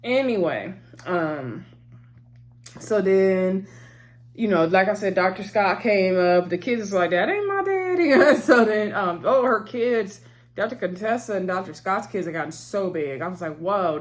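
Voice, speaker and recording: A woman's voice: medium pitch, animated, a little slow. Chatty woman in her thirties recapping TV. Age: 30s. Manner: rambling and chatty, laughs often, addresses viewers as y'all. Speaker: TV show reviewer. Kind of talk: casual recap chat.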